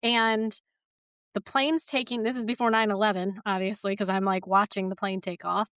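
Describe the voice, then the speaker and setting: A woman's voice: medium pitch, flat delivery, moderate pace, a bit bright, clear, resonant tone, dry recording, studio quality. A woman in her forties hosting a podcast, chatting casually and laughing often. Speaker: podcast host. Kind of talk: casual conversation.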